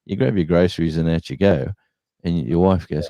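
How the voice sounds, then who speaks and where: A very low, gravelly Australian man tells rambling stories in a relaxed live-stream chat. His voice is dark and mellow, and it sounds dry and close. He fills his talk with ums and restarts. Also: normal speed, no echo. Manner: rambling storyteller, many fillers.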